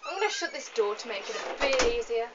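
A woman's voice: fairly high pitch, animated, fast talker. A young woman chatting casually and rambling while playing a video game at home, filmed on a camera mic as she moves nearer and farther from it. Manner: chatty, giggly, rambling asides. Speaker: let's play gamer. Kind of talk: casual gameplay commentary. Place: home room, moving away from the camera at times. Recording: dull lo-fi camera audio with faint hiss.

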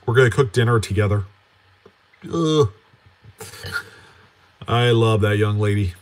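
A man's voice: lowish voice, unhurried. A man hosting a casual live stream for his coin collecting channel, talking in an easygoing, conversational way. He greets viewers by name, answers their comments, and wanders from point to point, with plenty of fillers and restarts along the way. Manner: chatty, reads out and answers viewer names; relaxed, with frequent fillers and self-corrections.

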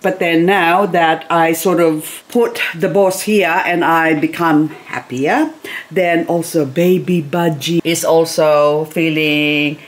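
A middle-aged woman chatting casually at home in a soft, slow way, now and then baby-talking to her pet bird. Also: low-pitched, fairly even intonation. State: grieving, recently teary. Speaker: gardening vlogger. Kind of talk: casual chat to camera. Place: home, indoors.

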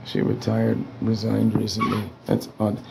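A man in his apartment, ranting with a low, gravelly voice that barely moves in pitch. He is agitated and swears constantly, circling back and repeating himself. A steady hiss of noise sits under the home recording. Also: a little slow. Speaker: tenant vlogger. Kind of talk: angry rambling rant. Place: apartment indoors.

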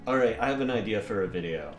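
A man's voice: on the low side, lively intonation, fast talker, reverberant, soft background music. A man chatting casually while playing a video game, rambling and joking and easily sidetracked. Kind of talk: casual let's-play banter.

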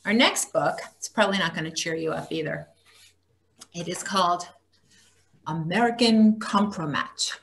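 A woman's voice: on the low side, normal speed, vocal fry, sharp tone. A woman hosting a casual book talk for a small group, reading blurbs aloud with wry asides.

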